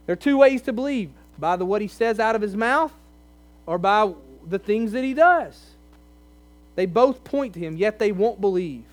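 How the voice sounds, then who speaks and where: A man with a high voice preaches, talking through the scripture like a conversation. He leans in hard on key lines, pleading with his listeners. A faint electrical hum sits under the recording. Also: animated, moderate pace. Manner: conversational, emphatic, pleading in places. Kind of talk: sermon.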